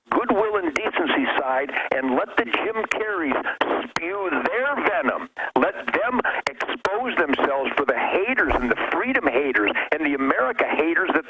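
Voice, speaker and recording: A man's voice: on the high side, highs cut off. A man calling in as a radio show guest, delivering a fiery, preachy rant that builds into outbursts. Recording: noisy radio line.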